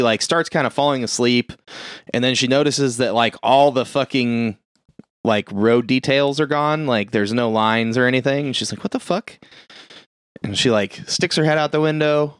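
A man in casual chat, retelling a horror film scene by scene with lots of swearing and quick acted-out quotes. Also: mid-range voice, fairly bright tone, clean tone, dry recording, clean studio sound. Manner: profane, rambling, acts out quotes.

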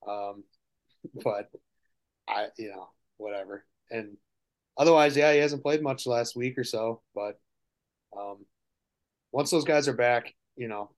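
A man co-hosting a podcast, talking casually and quietly about basketball, trailing off and swearing. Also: unhurried, pauses often. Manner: low-key, mumbling, trailing off, swears. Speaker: podcast co-host. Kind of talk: casual sports chat.

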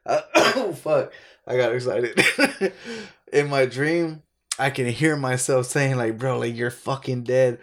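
A man's voice: mid-range voice, takes it slowly. A man co-hosting a podcast, telling a story in profane, laughing casual chat. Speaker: podcast co-host.

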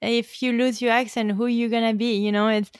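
A French woman in her thirties with a French accent, hosting a casual podcast chat and switching between French and English, chatty and quick to laugh. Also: a little high, little pitch movement, clear, resonant tone. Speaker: podcast host.

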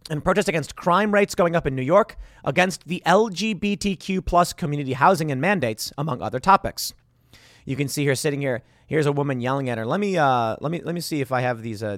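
A man's voice: a little high, fairly quick, a bit bright, no echo, studio quality. A man from Chicago hosting a political commentary show, reacting to news clips with sarcastic, indignant remarks.

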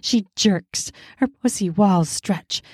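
A woman reads an adult story aloud in an unhurried, intimate way, lingering on each phrase. Her voice sits at an ordinary middle pitch and is recorded close and dry, with no room sound around it. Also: a little mellow, breathy edge, no room sound. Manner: slow, intimate reading. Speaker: narrator. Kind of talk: scripted erotic story narration.

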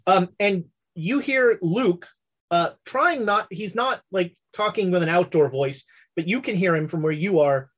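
A woman narrating a tabletop western role-play as game master, halting and full of fillers. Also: fairly low pitch.

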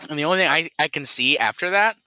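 A man telling a story among friends in casual chat, animated and swearing a lot. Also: fairly high pitch, fast talker.

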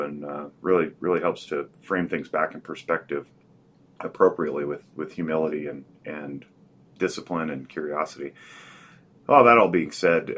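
A man's voice: very deep voice, fairly bright tone. A man hosting a podcast in a casual, rambling way, full of fillers and restarts. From Northern Nevada. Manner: rambling, self-correcting, with many fillers. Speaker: podcast host.

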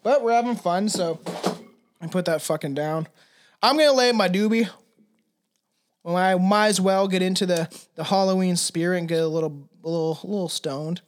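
A young man co-hosting a casual podcast. He swears freely, laughs often, and slows down to read an old tale aloud. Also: high-pitched. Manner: crude, laughing often, drawn-out reading. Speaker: podcast co-host.

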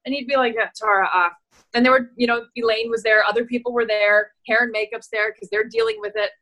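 A middle-aged actress telling stories in a casual interview, animated and laughing, acting out the voices she quotes. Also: a little high, fast talker, low-quality recording. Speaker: actress and guest.

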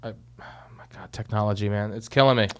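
A man's voice: on the low side, steady tone, fast talker, a bit bright. A man co-hosting a casual podcast in an easygoing, chatty way, laughing often. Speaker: podcast co-host. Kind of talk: casual chat.

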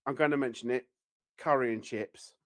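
A man's voice: medium pitch, normal speed. A man co-hosting a podcast in casual chat, rambling and teasing, often laughing. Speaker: podcast co-host.

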